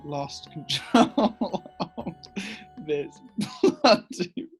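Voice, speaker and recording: Husky man trading teasing banter. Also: high-pitched, sing-song, very slow, soft background music. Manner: teasing and sweary, mock-indignant. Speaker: co-host. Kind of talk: casual banter over a drawing game.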